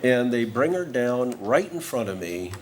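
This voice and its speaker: A man's voice: medium pitch, big pitch swings, unhurried, a little hiss or hum. A man giving a humorous acceptance speech, telling a comic story with careful timing. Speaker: award honoree giving a speech.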